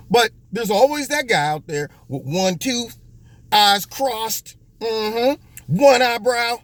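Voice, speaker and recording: A man hosting a political commentary monologue, speaking in an animated, mocking way and often slipping into voices. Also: high-pitched, slow. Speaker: host.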